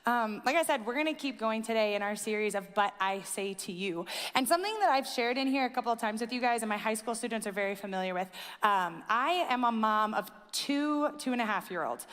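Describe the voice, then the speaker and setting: Chatty woman pastor, high voice, echoing hall. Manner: chatty, animated storyteller, casual fillers. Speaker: student ministry and teaching pastor. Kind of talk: conversational sermon with anecdotes. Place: church auditorium. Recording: church hall with long reverb.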